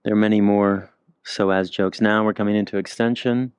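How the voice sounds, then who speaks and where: A male movement instructor guiding slow floor exercises, cracking self-mocking jokes between cues. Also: fairly low pitch, steady tone, smooth, no echo. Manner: joking, self-mocking asides while demonstrating. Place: indoors on the floor. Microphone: handheld or clip mic he keeps moving.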